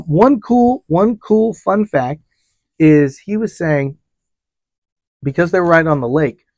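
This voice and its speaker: A man's voice: fairly high pitch, darkish tone, no room sound. A man who works as a travel advisor, animatedly retelling a trip story with quoted dialogue and frequent fillers. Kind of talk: storytelling vlog.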